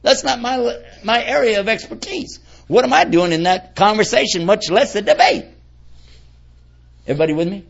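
A gravelly, high-pitched American man with lively intonation and a moderate pace delivers a conversational religious lecture. He is a folksy Islamic preacher who keeps quizzing his audience, captured on a dull lo-fi recording.

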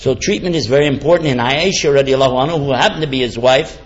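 A man preaching to a live audience, animated and quizzing them with questions and jokes. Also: medium pitch, fast talker, breathy edge. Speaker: Islamic preacher. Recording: dull lo-fi sound.

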